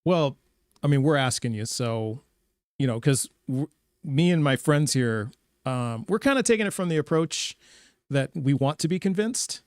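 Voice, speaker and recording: A man's voice: mid-range voice, moderate pace, clear, resonant tone, dry recording, studio quality. A man hosting a livestream debate, casual and emphatic, often repeating himself. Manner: animated, emphatic, repeats words. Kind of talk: casual chat.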